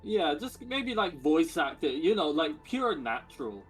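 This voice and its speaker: A man's voice: on the high side, big pitch swings, a little slow, fairly bright tone, faint music behind. A man playing a tabletop game who chats casually and teasingly over a voice call. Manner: teasing, joking. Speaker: player.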